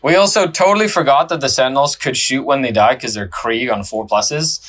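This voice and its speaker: A man's voice: medium pitch, brisk, a bit bright. Chatty man calling tabletop game moves. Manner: chatty, laughs often, thinks aloud. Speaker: host and player. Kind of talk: casual tabletop battle commentary.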